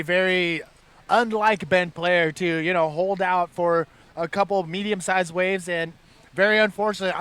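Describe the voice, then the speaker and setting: A man's voice: high-pitched, fairly bright tone, smooth. A man calling live play-by-play at a surf contest, upbeat and hyping the action. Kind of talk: live sports commentary.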